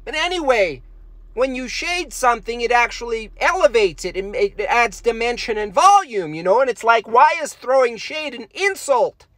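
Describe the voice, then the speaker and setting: Man, high voice, dry close sound, rambling deadpan artist streaming while he draws. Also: normal speed, no room sound. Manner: rambling, deadpan jokes, trailing fillers. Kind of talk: casual rambling stream chat.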